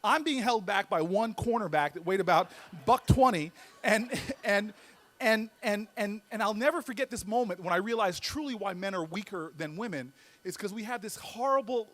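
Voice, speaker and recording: As a guest speaker, a high-pitched man tells a funny story at normal speed. His delivery is lively and full of comic timing, with repeated words as he builds toward a punchline.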